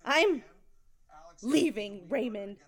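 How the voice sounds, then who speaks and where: An actress playing a pregnant young wife who speaks to her husband with sharp contempt. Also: fairly high pitch, lively intonation, drawn-out words. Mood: cold.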